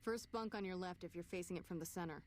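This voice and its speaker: An actress voicing a video game character who gives a matter-of-fact briefing. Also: female voice, on the low side, fast, a little hiss or hum, close to an everyday voice.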